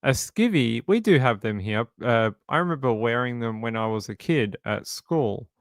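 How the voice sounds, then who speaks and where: Joking around and often repeating himself, an Australian livestream host in his forties casually responds to viewers. His medium-pitched, expressive voice moves at a moderate pace and sounds smooth, clear, and close, with a dry recording and no room sound.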